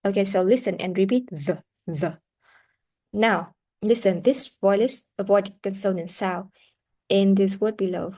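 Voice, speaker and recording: An English teacher runs a slow, deliberate pronunciation lesson, carefully modeling sounds for learners to repeat. Her middle-pitched voice is mellow and holds a steady tone.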